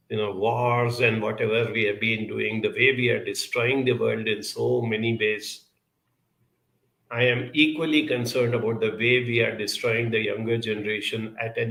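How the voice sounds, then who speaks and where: A man speaking at a conference, earnest and advising, pausing often with hesitations as he answers audience questions. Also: mid-range voice, vocal fry, fairly bright tone, echoey room, poor audio.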